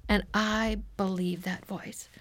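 A woman's voice: mid-range voice, little pitch movement, slow. A woman guest on an interview, telling her life story in an earnest, emotional way. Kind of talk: personal testimony in an interview.

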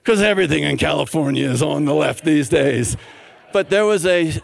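Brief: male doctor, church talk, lively storyteller who acts out the voices he quotes. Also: on the high side, normal speed, vocal fry. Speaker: physician speaking at a church event.

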